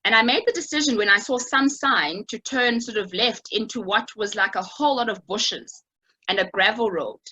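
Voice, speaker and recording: A woman's voice: medium pitch, normal speed, bright, forceful tone, breathy edge, low-quality recording. A woman giving an online talk over a video call, telling a personal story in a reflective way with many small fillers.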